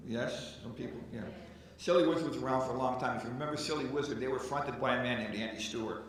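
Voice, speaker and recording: A man's voice: mid-range voice, vocal fry, far from the mic, a little hiss or hum. A man, a folk musician, telling stories between songs at a live concert and joking with the audience. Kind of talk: on-stage storytelling between songs. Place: arts center stage, live concert. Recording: echoey hall, mic from afar. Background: guitar music.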